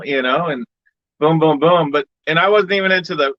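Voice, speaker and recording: A man's voice: a little high, a little fast, no room sound. A man hosting a casual livestream, easygoing and laughing along as he shares his own mistakes with snakes. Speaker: livestream host, reptile breeder. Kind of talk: casual chat. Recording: dull lo-fi stream audio.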